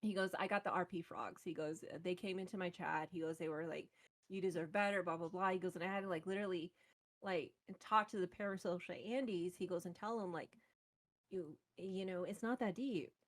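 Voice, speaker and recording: A young woman guest on a podcast, telling a story in a casual, animated way and laughing often. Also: fairly low pitch, brisk.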